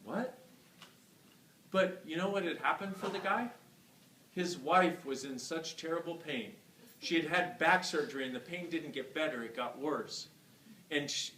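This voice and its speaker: A man giving a live talk to a class, telling a story in an animated way, swearing freely and acting out the people he quotes. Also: on the high side. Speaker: workshop facilitator. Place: class venue hall. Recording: echoey room from far off with faint noise.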